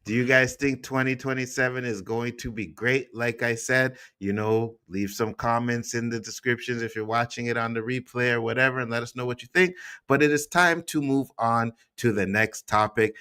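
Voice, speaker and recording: A man's voice: medium pitch, fairly even intonation, normal speed, pushed and bright, clean tone. A man hosting a casual pop-culture talk show, reading viewer comments and agreeing with a laugh.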